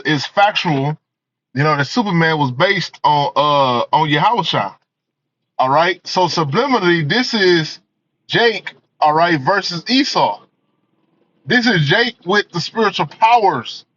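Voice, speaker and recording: A man's voice: a little high, lively intonation, unhurried, pauses often, a bit bright. A man giving a profane, emphatic rant as a movie reviewer, filling his talk with "man" and "you know.". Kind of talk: ranting commentary. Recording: dull lo-fi audio.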